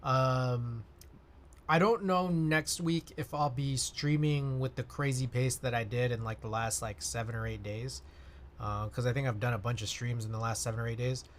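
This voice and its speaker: Speaking at medium pitch with fairly even intonation and normal pace, this man chats loosely on his livestream, wandering from point to point with plenty of fillers. He reads viewers' messages out loud and responds, over a faint hiss or hum.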